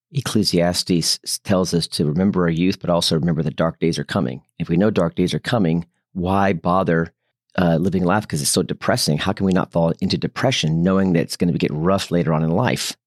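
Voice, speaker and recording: A man co-hosting a casual Bible study discussion, telling anecdotes in an earnest, animated way. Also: low voice, brisk, no echo, clean studio sound. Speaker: church co-host.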